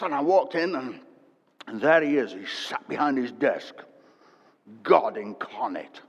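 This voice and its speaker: An older man preaching a sermon, telling a story animatedly and swinging from loud to hushed. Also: mid-range voice, expressive, a little slow. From England. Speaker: pastor. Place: church hall. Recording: dull echoey church hall recording.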